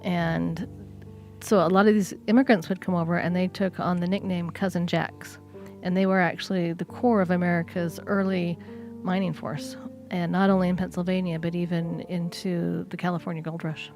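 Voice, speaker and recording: A woman with a slightly low voice chats easily on a podcast, wandering into side remarks and poking fun at herself. Soft guitar music plays faintly underneath. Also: level tone, moderate pace. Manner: chatty, self-deprecating, digresses easily. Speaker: podcast co-host. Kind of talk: casual paranormal podcast chat.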